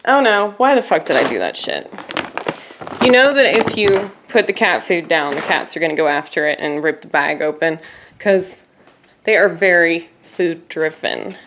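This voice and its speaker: A woman chatting casually on her own video channel, rambling and laughing often, her voice swinging from loud asides to quiet murmurs. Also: on the low side, animated, normal speed, noisy background. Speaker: YouTuber. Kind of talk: casual vlog chat.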